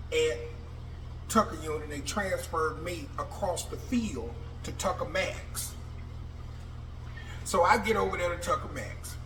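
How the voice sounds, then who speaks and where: A man casually telling a personal story, animated and profane, acting out what people said. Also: a little high. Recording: roomy, distant mic with faint noise.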